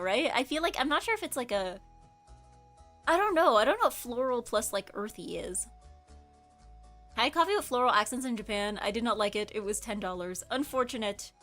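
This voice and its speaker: A woman's voice: a little high, very animated, a little fast, a bit bright, soft background music. A woman streamer in casual chat, rambling and correcting herself, with lots of filler words. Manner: rambling, chatty, many filler likes, self-correcting.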